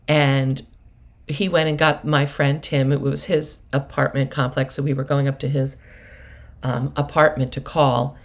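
A middle-aged prosperity coach and host speaks in a rumbling low voice, unhurried and fairly even in intonation. Her casual monologue rambles and digresses through stories, full of laughs and asides.

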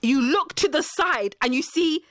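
A woman co-hosting a casual chat podcast, telling a story with animated emphasis, swearing and repeating herself. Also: sits high, unhurried, no echo. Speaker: podcast co-host.

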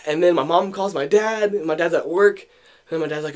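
A man's voice: on the high side, fairly quick, a little mellow. A young man co-hosting a podcast, telling a story in casual chat, acting out what people said, with many fillers and restarts. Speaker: podcast co-host.

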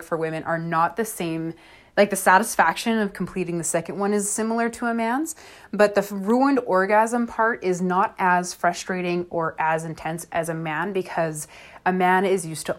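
Frank, chatty woman podcast host. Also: fairly low pitch. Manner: frank and chatty, laughs often, many fillers. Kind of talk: casual solo podcast monologue.

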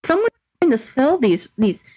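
Young woman podcasting, really bouncy animated pitch, giggly and crude, super dry close sound. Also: moderate pace, slightly rough, no echo, low-quality recording. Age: young adult. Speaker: co-host. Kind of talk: casual podcast banter.

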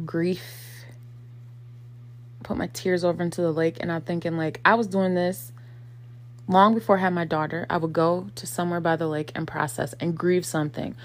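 Lady in her 30s vlogging, kinda low voice, chatty, lots of "like" and "um". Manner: conversational, many fillers, acts out quotes. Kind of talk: casual personal reflection.

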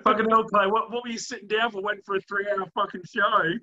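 A man's voice: sits high, flat delivery, fast, pushed and bright, lo-fi sound. A man co-hosting a podcast, boisterous and swearing in matey banter. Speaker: podcast co-host. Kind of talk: casual chat.

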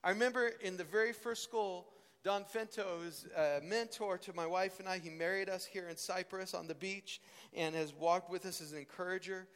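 A young man teaching at a ministry school, telling stories in an animated preaching style. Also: high-pitched, normal speed, clear, resonant tone. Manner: animated storytelling, voice rising and falling with emotion. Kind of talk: sermon. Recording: long hall reverb.

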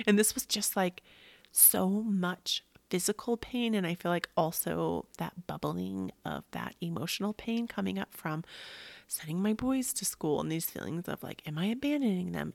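A woman in her thirties hosting a podcast, telling a personal story in an animated way, with gasps and acted-out quotes. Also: fairly low pitch, creaky, dry recording. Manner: animated, gasping, acts out quotes. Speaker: podcast host.

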